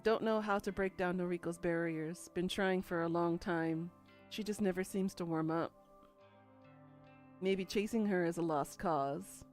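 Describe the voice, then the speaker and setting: A woman's voice: lowish voice, steady tone, unhurried, a little mellow, soft background music. Woman reading a dry first-person story. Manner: dry, musing, inward. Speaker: narrator.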